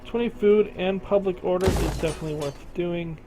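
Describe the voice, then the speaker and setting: A man's voice: high-pitched, brisk, over music, rough recording. A man casually commentating a strategy game, thinking aloud and talking to the game's regions as if they were people. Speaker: gameplay commentator.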